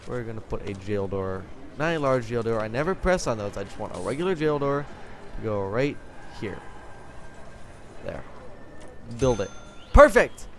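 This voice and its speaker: A man's voice: medium pitch, big pitch swings, normal speed, pauses often. A man giving casual, joking commentary while he plays a prison-building game and talks to himself.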